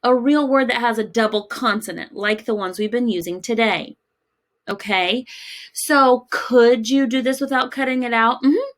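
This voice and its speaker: A woman teaching a recorded phonics lesson for children, gentle and encouraging, asking questions and pausing. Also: a little high.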